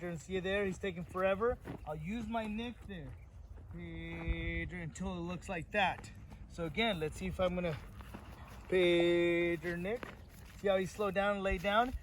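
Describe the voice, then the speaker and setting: A man with a fairly high voice gives an outdoor dog-training lesson, explaining each step to viewers and calling praise and commands to the dog between remarks. He sounds distant from the camera, with loud background noise over the whole recording. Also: fairly even intonation, moderate pace.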